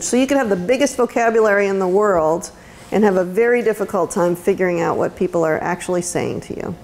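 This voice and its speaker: A woman's voice: mid-range voice, darkish tone. A woman giving a conversational lecture as an autism educator, with frequent ums and restarts. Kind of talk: university lecture talk. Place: lecture room.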